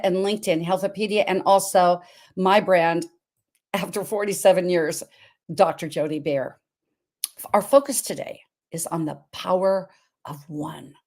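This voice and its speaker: A woman in her seventies from Montana, hosting a virtual health event with an inspirational talk, emphatic and repetitive, swinging her pitch and volume. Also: a little mellow.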